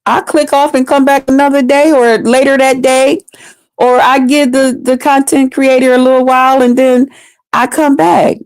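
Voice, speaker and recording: A woman's voice: high-pitched, little pitch movement, moderate pace, clean tone, dry recording. A woman in her fifties chatting live with her viewers. She laughs often and answers them by name. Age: 50s. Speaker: livestreamer. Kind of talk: casual live chat with viewers.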